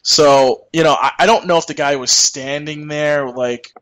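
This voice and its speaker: A man's voice: fairly high pitch, fairly even intonation, moderate pace, a bit bright, rough recording. A young man co-hosting a podcast, telling a rambling, profane work story and acting out the people in it. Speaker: podcast co-host.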